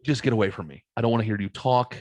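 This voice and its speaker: A man's voice: lowish voice, very fast, a little mellow, no echo. A man hosting a podcast, talking in a blunt, joking way, and he swears freely. He restarts his sentences with emphasis as he builds a point. His voice sounds close and dry, with no room around it. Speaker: podcast host. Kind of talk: casual podcast chat.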